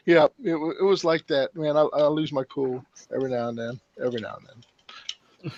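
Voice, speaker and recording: A man's voice: a little high, fairly even intonation, gravelly, no room sound. A man in casual podcast chat, cursing freely and laughing easily. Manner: profane, quick to laugh. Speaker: podcast guest, business owner.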